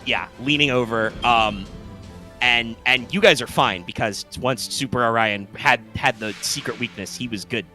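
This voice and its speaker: A man's voice: mid-range voice, moderate pace, sharp tone, faint music behind. A man co-hosting a casual gaming podcast, rambling with lots of fillers and restarts and casual swearing. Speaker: podcast co-host. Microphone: live stream microphone.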